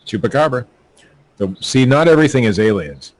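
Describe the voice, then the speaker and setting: A man's voice: medium pitch, lively intonation, brisk, no room sound, poor audio. A man hosting a podcast, reading news stories aloud with stumbling, joking asides. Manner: stumbling, laughing at his own jokes. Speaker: podcast host.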